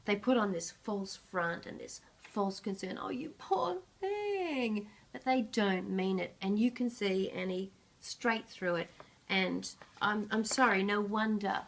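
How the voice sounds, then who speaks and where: A woman's voice: medium pitch, measured pace, vocal fry. A woman psychic reading oracle cards and books for a viewer, in an earnest, reflective way with light laughs. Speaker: psychic reader.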